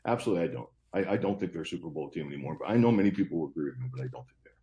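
A man's voice: rumbling low, expressive, racing, lo-fi sound, crowd noise. A man giving sports betting picks as a guest, rambling and confident, often repeating himself. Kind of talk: casual podcast chat.

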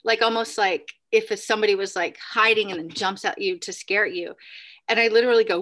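A woman recounts a spooky hotel stay in relaxed, rambling talk, leaning on "like" and "right?". Her voice is bright and clear at a middling pitch, and she jumps high when she acts out a cry or a quote. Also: brisk. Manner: animated, acts out quotes with sudden high bursts; many fillers like "like" and "right?". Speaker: podcast guest. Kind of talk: casual storytelling.

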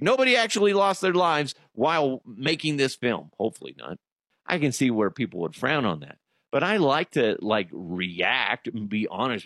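A man doing a comedic podcast monologue who keeps jumping into loud, exasperated voices. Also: medium pitch, no echo, studio quality. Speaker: podcast host.

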